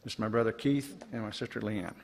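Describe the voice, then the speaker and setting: Halting man's heartfelt speech in a hall. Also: on the low side, fairly even intonation, creaky, heavy background noise. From Oklahoma City. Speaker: son giving a family tribute. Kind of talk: speech at an induction ceremony. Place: ceremony hall. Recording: long reverb of a hall.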